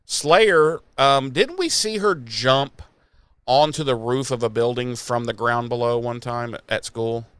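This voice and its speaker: A man's voice: medium pitch, unhurried, a bit bright, smooth, no echo. A man hosting a podcast, recapping an episode in a casual, jokey, sweary way. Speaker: podcast host.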